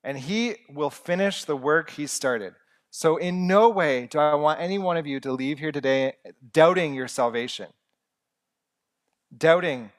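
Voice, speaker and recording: An earnest young man delivering a sermon with a slightly higher-than-usual voice. He talks in a conversational way, slipping in humorous asides. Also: measured pace. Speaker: preacher.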